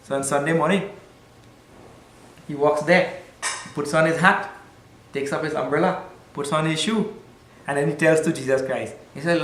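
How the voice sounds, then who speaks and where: A man gives a spiritual talk in a relaxed, conversational way, mixing in Sanskrit words and light jokes. His voice sits a little high. The hall around him echoes. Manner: conversational, with Sanskrit terms and gentle humor. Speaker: spiritual teacher. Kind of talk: spiritual discourse.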